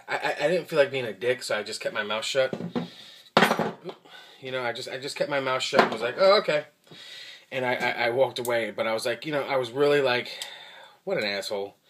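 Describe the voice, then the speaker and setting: A man with a bright, forward voice recounts a story in a loose, conversational monologue. He swears freely and stumbles through restarts, and he mimics the people in his story with lively shifts. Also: mid-range voice. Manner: many restarts and fillers. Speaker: vlogger reviewing rifle gear.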